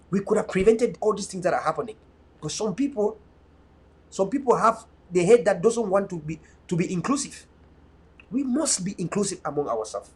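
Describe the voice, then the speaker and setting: A man's voice: high-pitched, a little mellow, husky. A young man speaking as an activist and online media host, delivering a fervent, emphatic political monologue with repeated restarts. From Cameroon, North West (Bui).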